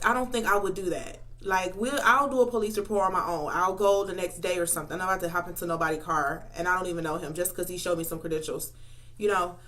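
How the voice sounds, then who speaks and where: A mukbang vlogger with a fairly bright, lowish voice tells a long, rambling story in a casual way. She eats between sentences, talking between bites, and her speech is full of fillers and restarts.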